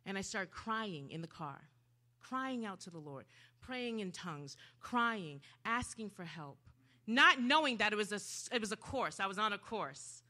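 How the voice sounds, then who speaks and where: A woman preacher giving a sermon, swinging dramatically from hushed to loud. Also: medium pitch, animated, normal speed.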